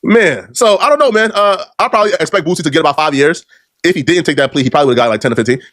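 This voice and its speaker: A man rattles off slang-heavy, mocking commentary at a rapid clip, his voice sitting slightly high. The close mic leaves it dry, with no room sound at all. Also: expressive, a bit bright, no room sound. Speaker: commentary video host.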